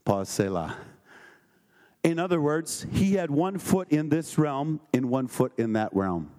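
A man preaching a sermon, reading scripture aloud and checking in with the congregation with quick questions. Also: fairly high pitch, big pitch swings, warm tone. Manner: conversational, with emphatic questions to the congregation.

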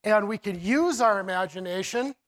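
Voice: mid-range voice, moderate pace, fairly bright tone, rough recording. Preacher rambling thru a sermon, lots of um's and restarts, laughs a lot. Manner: rambling, many restarts and fillers, laughs often. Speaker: preacher teaching about the children's ministry.

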